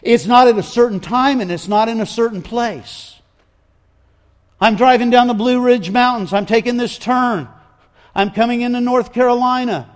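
A man's voice: extremely high pitch, moderate pace. A man preaching a sermon in an emphatic, folksy way, often repeating his phrases.

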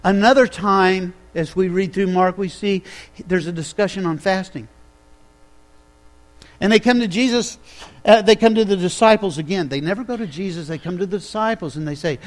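A man pastor preaching a sermon, telling the story with animated delivery and rhetorical questions to the congregation. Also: high voice, moderate pace.

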